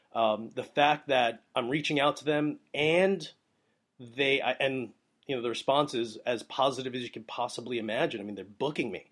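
A young adult man hosting a show, telling a rambling casual story and giving advice, with many fillers and excitable bursts. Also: medium pitch. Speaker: wedding photographer, podcast host.

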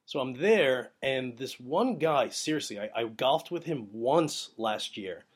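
A young adult man hosting a show, telling a rambling casual story and giving advice, with many fillers and excitable bursts. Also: medium pitch, measured pace, husky. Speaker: wedding photographer, podcast host.

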